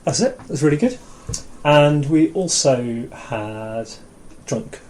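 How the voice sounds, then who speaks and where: A man teaching a relaxed pronunciation lesson, patiently encouraging learners and slowly repeating words for them. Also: fairly high pitch. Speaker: language teacher.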